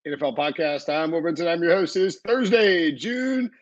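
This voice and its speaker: A man hosting a podcast in casual chat, rambling and energetic, with lots of fillers and restarts. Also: a little high, brisk, dull audio. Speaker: podcast host. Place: home setup away from his usual room.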